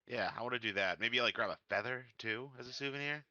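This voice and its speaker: Bright, fast-talking man player. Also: medium pitch, no room sound, highs cut off. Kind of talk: casual tabletop play.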